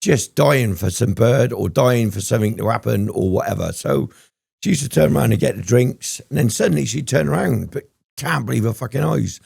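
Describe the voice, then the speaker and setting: A man's voice: medium pitch, a little fast, creaky, darkish tone, breathy edge, no room sound, clean studio sound. A man telling his story as a podcast guest, rambling and swearing often, with frequent ums. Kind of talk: candid storytelling interview.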